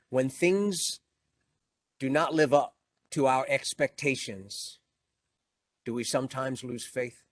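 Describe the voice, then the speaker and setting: A man's voice: medium pitch, no room sound. A middle-aged man giving an inspirational keynote talk, telling a personal story with emphasis and growing emotion. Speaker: motivational speaker.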